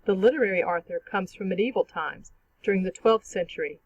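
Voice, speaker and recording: A teacher giving a clear, measured, scripted narration for an online literature lesson. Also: medium pitch, no room sound, muffled recording. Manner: clear, measured explanatory reading.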